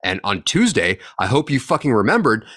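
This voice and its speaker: A man's voice: mid-range voice, a little fast. A man co-hosting a podcast, ranting angrily and swearing constantly in casual chat. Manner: angry swearing rants, animated. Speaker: podcast co-host.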